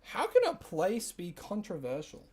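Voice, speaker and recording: A man's voice: sits high, wildly swooping pitch, measured pace, darkish tone, slightly rough, soft background music. A man with an Australian accent chatting casually with viewers on a livestream, rambling and filling his talk with "like". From Tasmania, Australia. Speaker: streamer.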